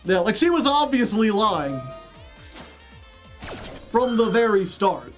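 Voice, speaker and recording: A man streamer telling a story in a casual, animated way, laughing as he goes. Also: high-pitched, slow, pauses often, soft background music.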